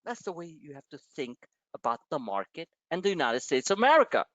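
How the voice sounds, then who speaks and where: On a live stock-trading webinar, a man with a fairly bright, high-leaning voice talks fast, his pitch swinging widely. He delivers an impassioned, emotional motivational rant, blunt and peppered with swearing. The audio is dull, dry, lo-fi webinar sound.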